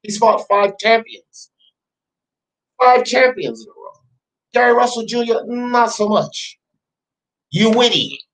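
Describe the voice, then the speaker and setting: A man's voice: extremely high pitch, fairly even intonation, a little slow, pauses often, a bit bright, poor audio. A man hosting a sports talk show, ranting scornfully and emphatically, repeating his jabs.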